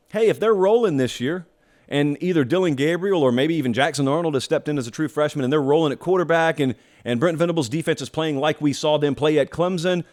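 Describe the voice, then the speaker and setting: A man's voice: a little high, a little mellow. A man hosting a college football show, giving emphatic solo commentary in a conversational way, full of rhetorical questions.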